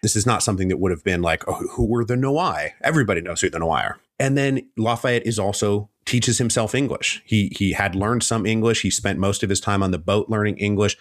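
A man's voice: on the low side, quick pace, few pauses, dry recording, clean studio sound. A man guest on a history interview, telling the story in a casual way and acting out the people he quotes in mock voices.

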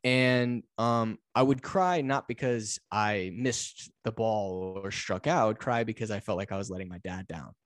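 A young man, a guest on an interview podcast, telling a personal story with halting repeats that build into excited bursts. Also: lowish voice, no echo. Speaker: guest, motivational speaker.

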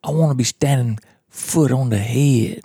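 A man's voice: mid-range voice, a little slow, warm tone, breathy edge, no room sound, clean studio sound. A man, telling a hunting story in a folksy, blunt, drawling way as a podcast host. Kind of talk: storytelling monologue.

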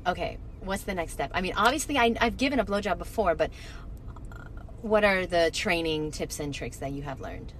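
A woman co-hosting a casual chat, joking around and firing off quick questions. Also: fairly low pitch, animated, slight background noise. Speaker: podcast co-host. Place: parked car.

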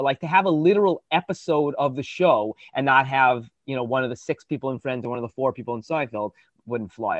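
A man's voice: mid-range voice, dry recording, muffled recording. A man co-hosting a casual podcast, arguing his point matter-of-factly. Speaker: podcast co-host.

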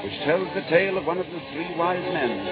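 A man narrating a story in an expressive, lively way. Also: fairly high pitch, brisk. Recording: dull lo-fi with music. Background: music.

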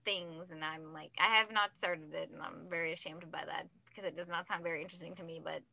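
Bright, giggly young woman podcaster. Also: fairly low pitch, fairly even intonation, fast talker, creaky. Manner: rambling, giggly, self-mocking. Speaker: podcast co-host. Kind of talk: casual chat.

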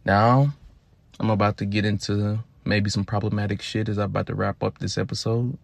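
Podcast host, man, 30s, from Louisiana; gravelly, profane, animated storyteller, dry close recording. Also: lowish voice, brisk, no echo. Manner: profane, animated, addresses listeners directly. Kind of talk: casual storytelling monologue.

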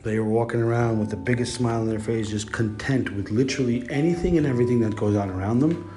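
A man's voice: mid-range voice, quick pace, warm tone, faint music behind. A man hosting a podcast, telling stories in a casual, blunt and profane monologue. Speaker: podcast host.

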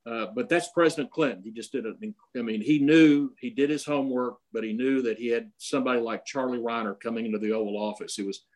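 Older male guest, casual anecdotal delivery, halting with frequent fillers. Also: medium pitch, darkish tone. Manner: rambling, many fillers and restarts. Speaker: guest storyteller.

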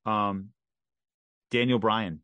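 A man's voice: fairly low pitch, fairly even intonation, very slow, sharp tone, clean tone, dry recording, dull audio. A man co-hosting a wrestling podcast, casually leading a segment and reading off a list. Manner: leads the segment, reads off a list. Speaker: podcast co-host. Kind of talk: casual chat.

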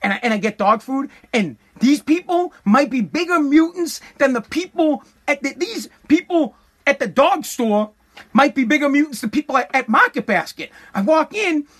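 A man's voice: very high voice, expressive, moderate pace, fairly bright tone. A man telling a comic story as a profane, exasperated rant, full of stammered restarts. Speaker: comedic storyteller.

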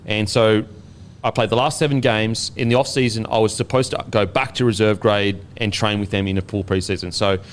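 A man with an Australian accent and a voice on the low side, once a rugby league player, recounts a story a little fast in casual podcast conversation. There's slight background noise, and he's profane, easygoing and lively, laughing through the telling.

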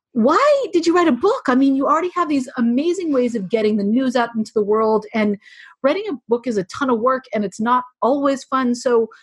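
A woman's voice: fairly high pitch, breathy edge, dry recording. A woman podcast host interviewing a guest in an effusive, playful, enthusiastic way. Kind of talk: casual interview chat.

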